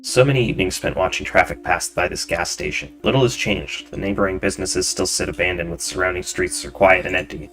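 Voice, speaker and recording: A man's voice: low voice, brisk, few pauses, a bit bright. Laid-back man narrating a game. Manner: laid-back, mumbly, reads text aloud. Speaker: gameplay narrator. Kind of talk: casual let's-play narration. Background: game music.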